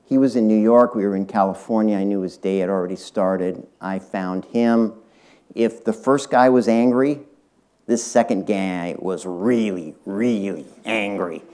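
Mellow-voiced older man telling a story. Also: lowish voice, measured pace. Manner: anecdotal, addresses the audience directly. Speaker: guest speaker, retired tech executive. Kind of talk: storytelling public talk. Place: university lecture hall.

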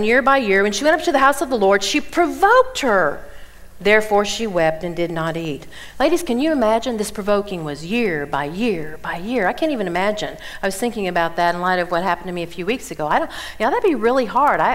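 A woman in her sixties teaching the Bible at a women's conference, telling stories with animated delivery and acting out the people she quotes. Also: mid-range voice, a little fast. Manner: animated storytelling, acts out quoted voices.

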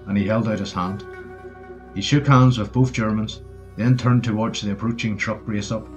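Man reading a war audiobook, low voice, muffled sound, quiet music behind. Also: fairly quick. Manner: steady storytelling. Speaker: audiobook narrator. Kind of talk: scripted narration. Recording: dull lo-fi audio with faint music.

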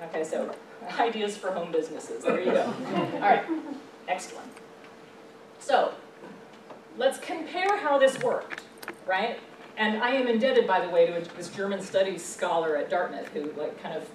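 A woman professor giving a public lecture, conversational, often checking in with the audience. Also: medium pitch. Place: library meeting room. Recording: roomy echo, voice from far off, faint background noise.

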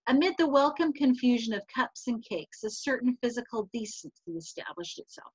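A woman's voice: on the high side, expressive, normal speed, slightly rough, no room sound. A woman teacher reading a novel passage aloud to her class, then talking it through, with a few slips and restarts. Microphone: video call. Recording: dull, lo-fi video call audio.

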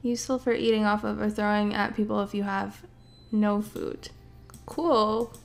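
A woman's voice: mid-range voice, flat delivery, moderate pace, creaky, faint music behind. Swearing, giggly woman gamer. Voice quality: girly voice. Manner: self-deprecating, swears and laughs often. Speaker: gaming youtuber. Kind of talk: casual let's play, reading game text aloud.

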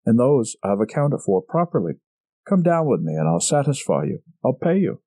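A man's voice: mid-range voice, big pitch swings, normal speed, dark tone, no echo. A man reading a story, voicing a frightened, scheming murderer who pleads in a feverish, breathless manner. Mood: bitter. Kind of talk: audiobook character reading.

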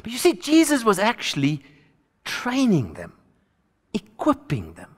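A man's voice: sits high, huge pitch swings, measured pace, breathy edge. A man preaching a sermon as a storyteller, acting out the voices of the people in the story. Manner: storytelling preacher, acts out voices of the disciples and Jesus. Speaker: pastor. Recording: long hall reverb.

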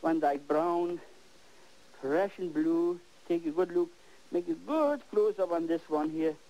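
An older man hosting a TV painting lesson, exuberant and animated, repeating words as he works, on worn 1980s videotape audio. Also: fairly high pitch, measured pace, rough recording. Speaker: painting show host.

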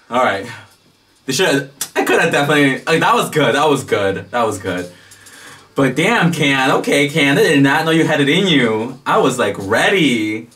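A vlogger reacts excitedly to a romance series, exclaiming, squealing, and swearing freely as she watches. The mid-range voice is very animated, at a normal speed with a fairly bright tone, picked up by a distant mic.

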